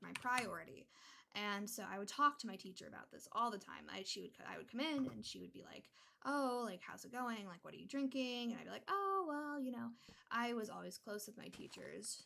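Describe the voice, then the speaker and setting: Young woman streamer chatting loosely while she plays, mid-pitched with vocal fry. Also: sharp tone, slight background noise. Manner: rambling and chatty, full of "like". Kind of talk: casual chat while gaming. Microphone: desktop mic with adjustable gain.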